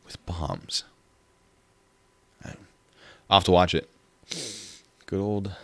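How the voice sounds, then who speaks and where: A man's voice: low voice, big pitch swings, takes it slowly, gravelly, fairly bright tone. A young man hosting a casual livestream, rambling and reading viewer comments aloud. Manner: rambling, reads chat aloud. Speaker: livestream host.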